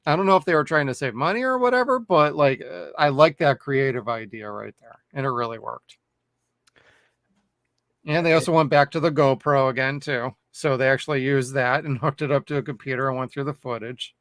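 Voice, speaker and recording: A man's voice: medium pitch, a little fast, a bit bright, dry recording, studio quality. A man co-hosting a podcast, chatting casually about a horror film, swearing freely and laughing often. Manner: profane, laid-back, laughs often. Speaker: podcast co-host. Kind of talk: casual movie review chat.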